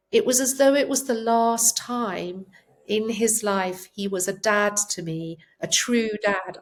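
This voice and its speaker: A woman, a palliative care doctor, speaking earnestly and from the heart as a guest at home. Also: medium pitch. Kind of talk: emotional conversational interview. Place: home, on a sofa.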